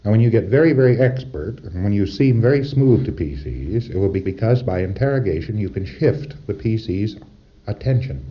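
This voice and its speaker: A man's voice: on the low side, expressive, normal speed. A man giving a lecture in an emphatic, rhetorical manner, often checking in with his listeners. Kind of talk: recorded lecture. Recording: dull lo-fi 1960s lecture tape.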